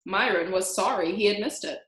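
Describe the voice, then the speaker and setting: A woman reading a children's book aloud, animated and singing out the sound effects. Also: medium pitch, a little fast. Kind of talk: read-aloud storytelling. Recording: roomy echo.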